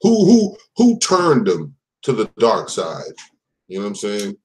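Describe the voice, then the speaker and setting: A man's voice: fairly low pitch, big pitch swings, measured pace, rough recording. A man hosting a live commentary stream, talking in a casual, profane, mocking way and laughing at his own jokes.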